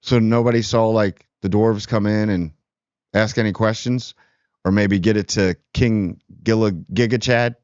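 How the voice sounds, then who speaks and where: Man with low voice, sarcastic rambling review. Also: steady tone, a little slow, a little mellow, smooth, dry recording, lo-fi sound. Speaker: TV review channel host. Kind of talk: casual spoiler review.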